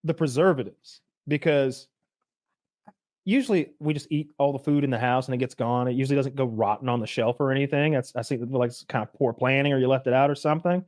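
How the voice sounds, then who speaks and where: Man, podcast co-host, casual chat, relaxed, joking. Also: mid-range voice, fairly quick.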